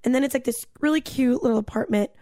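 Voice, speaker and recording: A young woman with a slightly high voice tells a rambling story in an animated, breezy way, tossing in filler words and swearing. The sound is dry and close, with no room around her. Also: fast, no echo. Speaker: podcast co-host telling a story. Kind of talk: casual storytelling chat.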